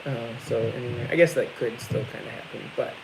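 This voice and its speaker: A man's voice: medium pitch, fast talker, gravelly, music in the background, poor audio. A young man with a Midwestern American accent, co-hosting a farm livestream in casual, rambling chat. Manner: rambling, lots of likes and restarts.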